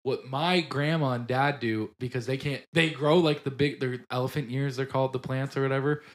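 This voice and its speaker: A man's voice: mid-range voice, steady tone, a little fast. A young man co-hosting a podcast, telling rambling stories in casual chat with lots of swearing and laughter. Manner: rambling storyteller, heavy swearing, laughs often. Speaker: podcast co-host.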